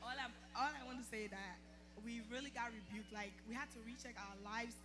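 A woman's voice: a little high, brisk. Giggly woman teasing friends over music. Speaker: church member giving a tribute. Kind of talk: playful testimony at a church celebration. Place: church hall before a congregation.

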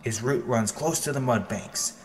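A man voicing a devious, sharp-tongued male tugboat who snaps his words, with music behind. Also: mid-range voice, normal speed, big-room sound, slight background noise, lightly acted. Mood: snappy, scheming. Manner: snapping, sneering.

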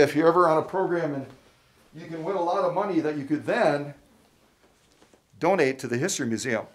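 Middle-aged male host, casual and chatty, folksy presenter, a touch high-pitched. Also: brisk, pauses often. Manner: chatty, folksy, rambling trivia. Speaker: fundraiser host.

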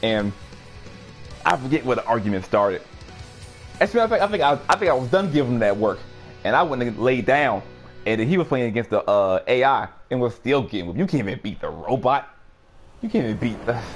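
Lively, laughing young man streaming a game. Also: medium pitch, fairly quick, faint music behind. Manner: animated, laughs often, sudden excited outbursts. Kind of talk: casual storytelling while playing a game.

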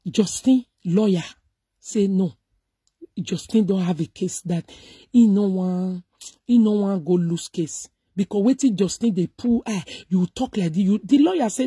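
Nigerian lady lecturing her followers, breathy husky voice, dry close sound. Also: mid-range voice, animated, a little slow, long pauses, mellow, dry recording. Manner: emphatic, preachy, mixes Pidgin and English. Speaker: social media commentator. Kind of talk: casual commentary.

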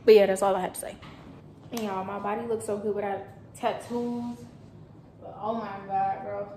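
A woman's voice: mid-range voice, flat delivery, moderate pace, mellow, reverberant, slight background noise. A young woman from Germany chatting bluntly to her viewers while she cooks at home. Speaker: vlogger. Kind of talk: casual vlog chat while cooking. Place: home kitchen.

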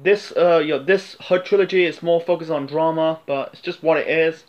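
A man's voice: a little high, steady tone, normal speed, darkish tone, lo-fi sound. A man talking through a film review in a loose, hesitant way, with many fillers and restarts. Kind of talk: casual rambling film review.

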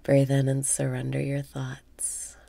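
A woman leading a guided meditation with calm breath cues, often dropping into a half whisper. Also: rumbling low, slow, vocal fry, no echo.

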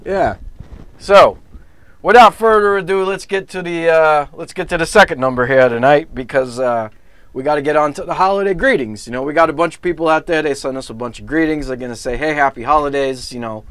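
A man's voice: on the high side, brisk, fairly bright tone, clear, resonant tone, no echo. A man with a Bronx accent hosting a live holiday variety show as a lounge singer, with brash, wisecracking stage patter between songs. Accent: New York (Bronx).

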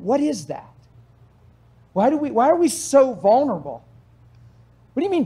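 A man preaching a sermon, telling a story and acting out its conversations, his passion swelling into emphatic shouts. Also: very high voice, big pitch swings, normal speed, pauses often, slightly rough.

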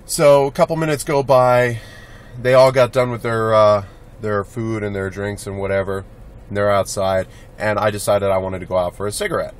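Blunt, rambling man with a low voice. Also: flat delivery, normal speed. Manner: rambling, blunt, swears casually. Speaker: vlogger. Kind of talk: casual vlog monologue.

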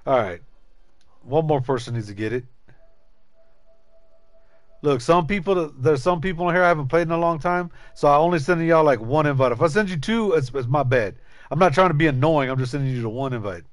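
Male streamer, casual rambling chat, swears freely, slightly raised pitch. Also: expressive, fairly quick, dry recording. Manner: loose and profane, rambling, jokey. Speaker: gaming streamer.

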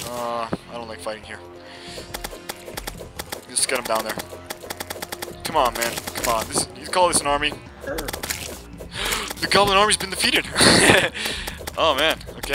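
A young man giving casual, excitable commentary over his own gameplay, laughing often and talking back to enemies on screen, with game music playing behind him. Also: medium pitch, moderate pace, long pauses. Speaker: gameplay video host. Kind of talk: casual let's-play commentary.

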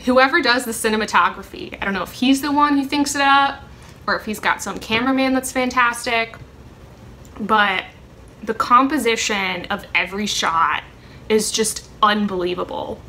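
Doing a question tag at home for her vlog, a young woman rambles casually and says um a lot. Her fairly high voice is pushed and bright at a moderate pace, with a little hiss or hum in the audio.

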